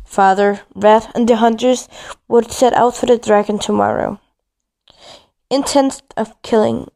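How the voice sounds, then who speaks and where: Gravelly-voiced woman reading a story aloud. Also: on the high side, steady tone, unhurried, warm tone. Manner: reads with frequent slips and restarts. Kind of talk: first-person story reading.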